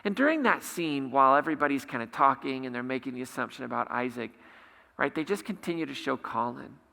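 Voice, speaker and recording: A man's voice: mid-range voice, expressive, quick pace, vocal fry, sharp tone. A male pastor preaching a sermon, retelling scenes with hesitant restarts. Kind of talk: sermon storytelling. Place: church sanctuary. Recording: reverberant church hall.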